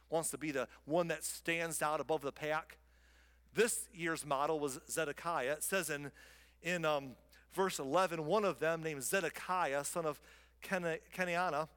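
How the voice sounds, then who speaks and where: A man's voice: fairly high pitch, a bit bright. A man preaching a sermon, retelling a scripture story in a casual, conversational way. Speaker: pastor. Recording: long hall reverb.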